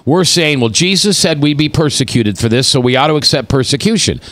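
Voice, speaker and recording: A man's voice: a little high, lively intonation, fairly quick, fairly bright tone. A man in his fifties hosting a talk radio show, delivering preachy commentary and acting out the quotes he reads. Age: 50s. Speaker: radio host.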